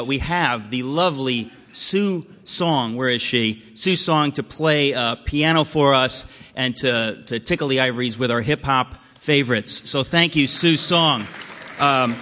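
A male host opens a live evening event with rambling, deadpan jokes and lots of fillers. His voice sits at a middle pitch. It rings out with the long reverb of a hall through a PA. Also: measured pace, some chatter behind. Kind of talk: comic live introduction.

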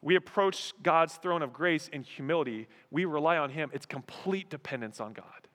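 A man preaching a sermon as pastor, animated, acting out voices and exclamations. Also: fairly high pitch, normal speed. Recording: long hall reverb.

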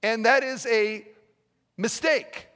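A man preaching a sermon as pastor, emphatic, with rhetorical questions and sudden drops to a quiet voice. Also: very high voice, takes it slowly, long reverb tail.

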